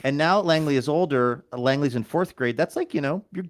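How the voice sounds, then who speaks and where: A man hosts a podcast in relaxed, casual chat. He jokes around and wanders through his thoughts. He often restarts his sentences as he talks. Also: on the high side, brisk. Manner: joking, rambling, self-interrupting. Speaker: podcast host.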